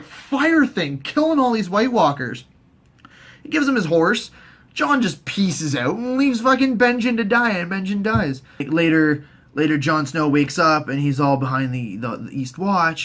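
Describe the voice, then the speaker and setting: A man rattling off a casual, foul-mouthed recap of a TV season, rambling from one scene to the next. His voice sits a little on the high side. He keeps breaking into squeaky put-on voices for the characters. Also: a bit bright. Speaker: host.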